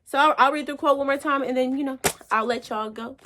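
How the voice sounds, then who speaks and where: A young woman speaking in a fairly high voice tells a motivational story as a vlogger. Her talk is loose and chatty, full of everyday slang. It sounds like casual story time straight to her viewers. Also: fairly quick, noisy background.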